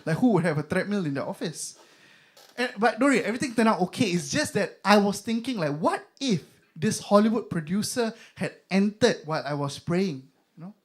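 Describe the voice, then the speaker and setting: Animated and a little fast, his high-sitting voice carries a Singaporean accent as this young comedian performs stand-up. The set is loose and chatty, packed with fillers, and he puts on mock voices for bits.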